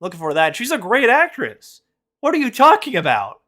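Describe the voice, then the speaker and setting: A man's voice: very high voice, huge pitch swings, moderate pace, sharp tone. A man hosting a casual reaction video, blunt and mocking, swearing and laughing often. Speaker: host.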